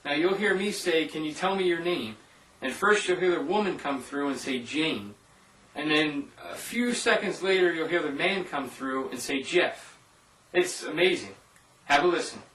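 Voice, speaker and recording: Speaking at a normal speed in a fairly high, fairly bright voice, a paranormal investigator gives informal voice-over on his clips and addresses viewers directly. The mic sits far away in an echoey room, with a little hiss or hum and low overall quality.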